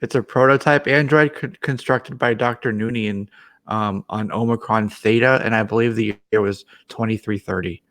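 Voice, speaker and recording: A man's voice: fairly low pitch, fairly even intonation, normal speed, a bit bright, no echo. A man co-hosting a casual fan podcast, joking in a dry way. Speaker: podcast co-host.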